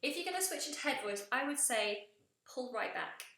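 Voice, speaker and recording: A woman talks as a vocal coach in a live feedback session, her voice bright and sitting fairly high. She explains technique and now and then sings a line to show it. The room adds a noticeable echo. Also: expressive, brisk. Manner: explains technique, breaking into sung demonstrations. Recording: roomy echo.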